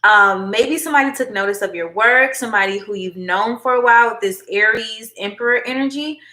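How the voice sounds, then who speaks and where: This tarot reader speaks in a fairly high, brisk voice with a sharp edge. Streaming live from an echoey room through her phone, she keeps things warm and talkative, addressing viewers as honey and baby girl.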